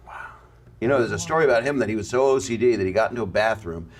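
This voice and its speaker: A man's voice: lowish voice, racing. A middle-aged man hosting a casual chat, telling stories and acting out the people he quotes. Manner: animated anecdote telling, acts out quoted voices.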